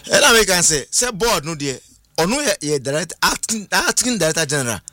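A man's voice: on the high side, sing-song, a little fast, pushed and bright, no room sound, clean studio sound. A man with a Ghanaian accent talking animatedly as a guest on a radio talk show, switching between Twi and English. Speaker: studio guest.

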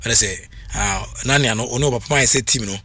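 A man talking football on sports radio, animated and full of halting restarts. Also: medium pitch, husky, no room sound. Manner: animated, mixes Twi and English, halting restarts. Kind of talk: sports talk radio chat.

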